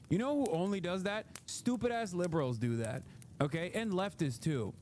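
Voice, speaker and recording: A man's voice: sits high, animated, normal speed, darkish tone, a little hiss or hum. A man hosting a livestream, giving casual commentary in a heated, profane rant, often laughing. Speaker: livestream host.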